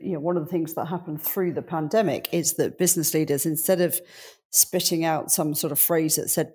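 A woman hosting an interview, her voice sitting notably low for a woman. She responds to her guest encouragingly before moving briskly into the next question. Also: steady tone, mellow. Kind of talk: conversational interview.

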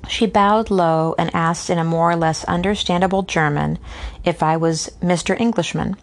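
Casting note: woman, lower-pitched voice, casual read-aloud of a classic novel with asides; steady but stumbles over unfamiliar names. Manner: reads steadily, stumbles on hard names and pauses for unscripted asides. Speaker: reader.

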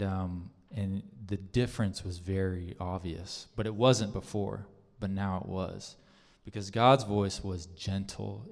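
Earnest low-voiced man, echoing hall. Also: vocal fry, darkish tone. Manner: conversational and earnest, many fillers and restarts. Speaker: speaker sharing a testimony. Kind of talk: personal testimony sermon. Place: church hall with audience. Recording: long reverb of a large hall.

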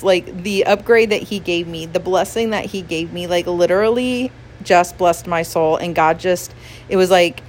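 Woman, pastor's wife, casual devotional talk, earnest, emotional, laughs easily, mid-pitched voice.

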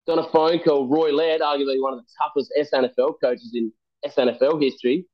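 A man's voice: on the high side, steady tone, quick pace. A young Australian man, a podcast guest, telling stories in casual chat, swearing freely and laughing as he goes. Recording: dull lo-fi audio.

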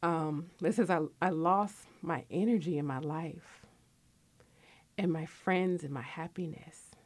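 A deep, darkish female voice, a little slow and free of echo, belongs to a Connecticut author in her forties. She reflects and shares stories as a guest in a casual radio interview.

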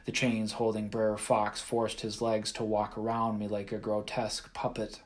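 A man reading a first-person audiobook in a measured, even storytelling manner. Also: fairly low pitch. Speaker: audiobook narrator.

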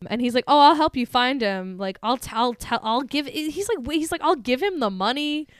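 A woman co-hosting a horror movie podcast, retelling scenes in animated, sweary casual chat. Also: high voice, moderate pace, smooth, no echo. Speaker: podcast co-host.

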